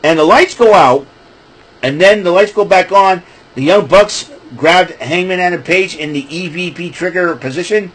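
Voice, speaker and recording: Guy rambling through a wrestling recap, chatty, bit high voice. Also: normal speed, a bit bright, rough recording. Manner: rambling, chatty, breaks into laughing fits. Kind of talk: casual wrestling recap podcast.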